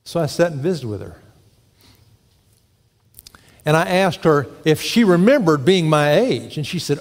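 A man preaching in a slightly high voice, folksy and storytelling, often turning questions on his listeners. His sermon rings with a long echo through a large church hall. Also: big pitch swings, a little slow, long pauses. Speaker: pastor.

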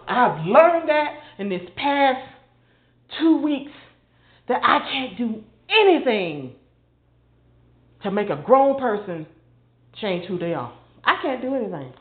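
A woman's voice: on the high side, very animated, slow pace, long pauses. An older woman, preaching an informal sermon in an impassioned, conversational way, sometimes mimicking people in mocking asides. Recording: phone-quality audio in an echoey room.

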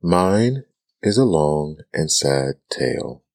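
A man's voice: rumbling low, sing-song, slow pace, darkish tone, heavily acted. A man voicing a proud, easily offended male mouse in a whispered role-play, stiff and severe. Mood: sad.

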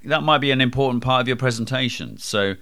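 A man hosting a podcast on presentation skills, with a projecting, booming voice and an emphatic delivery that he slows and speeds for effect. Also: smooth. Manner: lively, emphatic, varies pace and loudness for effect. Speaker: podcast host.

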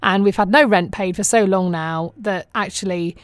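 A British vlogger from England, now living in Phoenix, Arizona, chats casually with her viewers. She is wry and self-mocking and laughs often, with a British English accent. Her mid-range voice moves at normal speed, and the recording is dry with clean studio sound.

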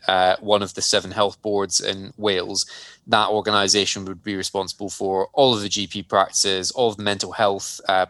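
Bright-voiced man co-hosting a podcast. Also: deep voice, no echo. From Scotland. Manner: friendly, self-deprecating, explains in plain terms. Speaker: podcast co-host. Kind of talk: casual explanatory chat.

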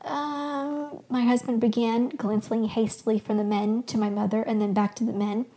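A woman hosting a podcast, reading a fictional first-person story aloud with expressive storytelling. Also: medium pitch, fairly quick. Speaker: podcast host.

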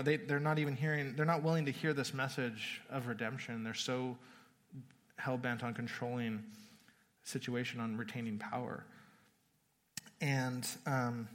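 A male pastor preaching a sermon in a relaxed, conversational way, often restarting words and laughing at the story. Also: mid-range voice, moderate pace. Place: church hall. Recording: long reverb of a church hall.

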